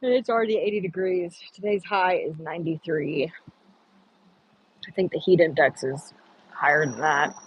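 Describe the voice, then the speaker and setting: A woman's voice: deep voice, moderate pace, long pauses, breathy edge, dull audio. A woman chatting casually on an outdoor livestream, rambling and answering viewer comments. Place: outdoors on a humid morning.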